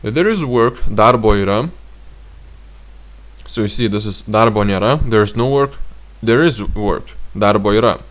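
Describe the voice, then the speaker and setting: A man with a Lithuanian accent teaching grammar in a slow, halting way with frequent fillers. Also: fairly low pitch. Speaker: language teacher.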